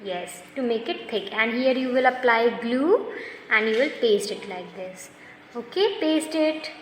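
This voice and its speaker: Lady teaching kids crafts, slow and patient, higher voice, real echoey room with long reverb. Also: expressive, a little hiss or hum. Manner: slow, patient, instructive, praising often. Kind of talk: step-by-step craft lesson for children.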